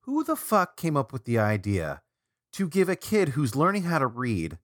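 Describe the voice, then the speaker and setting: A man chats on a casual podcast with a very lively, swinging pitch. He sounds incredulous and swears freely, sinking into low mutters for emphasis. The sound is dry and close. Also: moderate pace, no room sound. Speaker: podcast co-host. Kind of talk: casual chat.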